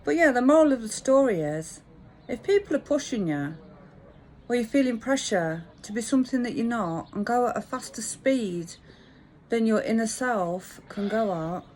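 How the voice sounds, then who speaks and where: A woman's voice: a little high, lively intonation, normal speed, a little mellow, a little hiss or hum. A woman, telling a rambling, frank anecdote in a chatty way. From English Midlands. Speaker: vlogger. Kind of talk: casual storytelling monologue.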